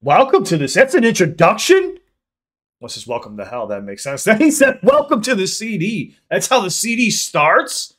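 A man hosting a music reaction video, talking casually in an excitable, rambling way and swearing freely. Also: sits high, normal speed.

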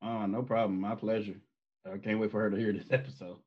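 Husky guy w a higher voice telling long funny family stories, kinda dull lo-fi sound. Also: quick pace. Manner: rambling, animated, laughs while telling stories. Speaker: podcast guest. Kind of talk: casual storytelling.

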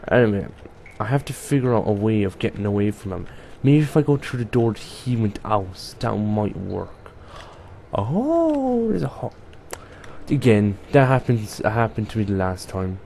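A man's voice: lowish voice, normal speed, gravelly, few pauses, dark tone, a little hiss or hum. Jumpy young man doing horror game commentary. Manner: jumpy, swears a lot, talks to viewers. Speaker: gaming youtuber. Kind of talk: let's play commentary.

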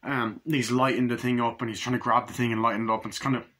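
A man excitedly recapping a horror film in casual, profane chat, acting out lines as he goes. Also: mid-range voice, fast talker. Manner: excitable, profane, acts out scenes with shouted quotes. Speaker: movie reviewer. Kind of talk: casual spoken movie recap.

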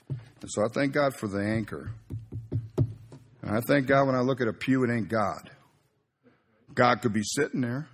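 A man's voice: mid-range voice, breathy edge. A male pastor, preaching a sermon in a folksy, conversational way.

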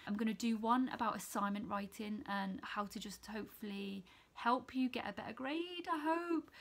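A woman's voice: medium pitch, creaky. A young woman in her twenties, a student nurse chatting casually and upbeat to her vlog audience. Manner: chatty and upbeat, with quick run-on sentences. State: tearful with happy excitement.

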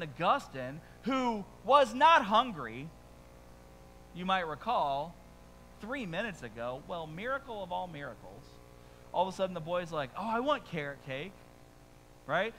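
A middle-aged pastor preaches in a casual, joking way, dropping rhetorical asides to the congregation. His voice sits a little high and comes across bright and forceful. A faint hum sits in the background. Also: long reverb tail, poor audio. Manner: conversational, humorous storytelling with frequent rhetorical asides. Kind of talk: sermon.

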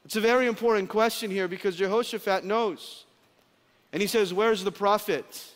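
A pastor preaching a sermon at a conference, emphatic, slowing and dropping low on key phrases. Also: male voice. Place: large conference hall. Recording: long hall reverb.

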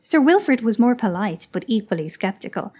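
A woman's voice: a little high, sing-song, a little fast, a little mellow, slightly rough. Woman narrating a classic story. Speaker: audiobook narrator.

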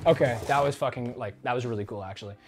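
A man's voice: medium pitch, fast talker, vocal fry, background noise. A man streaming casually, rambling and joking as he talks to his chat and swears now and then. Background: faint background music.

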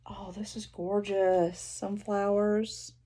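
A woman's voice: medium pitch, flat delivery, takes it slowly, mellow. A woman with a Southern US accent from North Carolina, chatting casually and gushing as she unboxes gifts at home for her vlog. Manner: gushing, exclamatory, addresses viewers as y'all. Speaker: haul vlogger. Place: indoors at home, seated in a chair. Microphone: phone.

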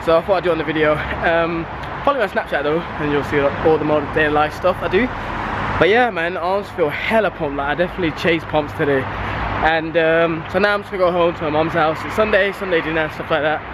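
A man's voice: fairly high pitch, fairly quick, background noise. Chatty young guy vlogging. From England. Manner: chatty, upbeat, rambling with fillers; relaxed voice-over explaining exercises. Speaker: fitness vlogger. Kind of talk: casual vlog chat. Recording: music playing under the voice.

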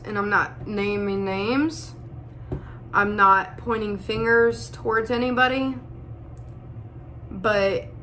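A young woman speaking in an emotional personal vlog, close to tears, pausing often and calling her viewers y'all. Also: mid-range voice, pushed and bright, slight background noise. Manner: tearful, holding back crying, pausing often. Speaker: vlogger.

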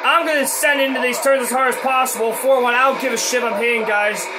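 A man giving live commentary over his own racing gameplay, frustrated, swearing and often shouting. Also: very high-pitched, steady tone, fast talker, noisy background.

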